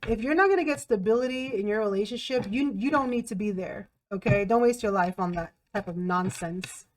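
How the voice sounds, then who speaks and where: A woman's voice: medium pitch, brisk, slight background noise. A woman giving a tarot reading to camera in a blunt, emphatic way, repeating herself and swearing freely. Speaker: tarot reader.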